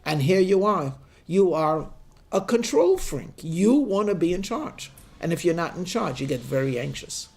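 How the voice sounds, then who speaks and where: A male rabbi giving a sermon, telling a parable with deliberate, slowed emphasis. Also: fairly high pitch, a little mellow.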